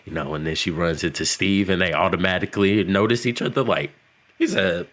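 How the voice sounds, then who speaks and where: A man's voice: deep voice, animated, normal speed, fairly bright tone. A man co-hosting a casual podcast, chatting about an episode, laughing often and acting out characters' lines. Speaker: podcast co-host. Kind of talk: casual show recap chat.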